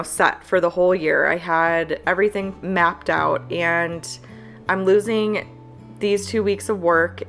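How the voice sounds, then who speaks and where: A woman in her thirties with a small business, talking candidly to camera, earnest and halting with fillers. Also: on the low side, a bit bright. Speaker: planner business owner.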